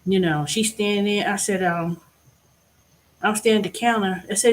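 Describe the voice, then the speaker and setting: A woman at a middling pitch talks straight to the camera in a casual rant. She is blunt and swears freely. Her voice leaps up loud for emphasis and then drops low again. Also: normal speed. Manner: animated, swinging between loud and low. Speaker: vlog host. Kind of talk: casual ranting monologue.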